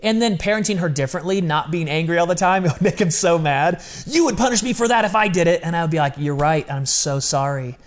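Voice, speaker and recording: A man in his forties with a slightly higher voice talks in a candid, confessional way on a podcast. He speaks earnestly and often rushes through phrases in quick bursts. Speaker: podcast co-host. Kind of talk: candid conversational podcast talk.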